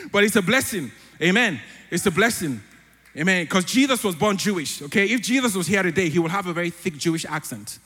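A man's voice: sits high, animated, moderate pace, breathy edge, big-room sound. A man with a mixed African and British accent, a church elder preaching a sermon and praying aloud with fervor. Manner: fervent, rising to loud declarations in prayer. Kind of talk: sermon with spoken prayer. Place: church hall.

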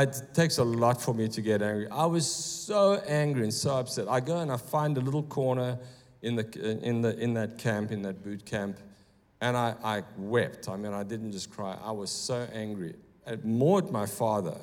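Guy giving a sermon, tells his story all animated, voice rings out in a big church hall. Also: medium pitch, moderate pace. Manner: animated, acts out quotes in bursts. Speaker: guest speaker. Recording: long church reverb.

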